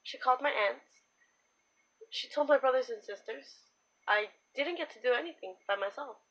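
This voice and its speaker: A young woman telling her own story in a candid, halting way, with many pauses and fillers. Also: high voice, a bit bright, poor audio. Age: young adult. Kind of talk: personal storytime monologue.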